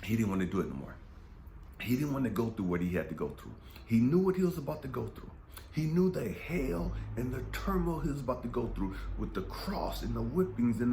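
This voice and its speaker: A man's voice: mid-range voice, very animated, fairly quick, warm tone, slight background noise. A man hosting a spiritual channel, talking in an impassioned, confessional way that sometimes drops to a whisper, with frequent swearing. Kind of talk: emotional spiritual monologue. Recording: echoey room.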